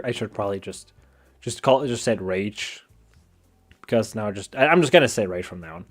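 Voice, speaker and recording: A man's voice: lowish voice, lively intonation, normal speed, pauses often, soft background music. A man streaming a game, rambling and stammering through jokey commentary at a desk mic. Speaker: gaming streamer. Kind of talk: casual gameplay commentary. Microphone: desk mic with face cam.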